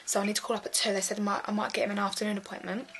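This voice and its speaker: A woman with a British accent chatting casually to camera in a home vlog, relaxed and full of little fillers. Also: medium pitch, racing, a little hiss or hum. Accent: British English. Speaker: parent vlogger.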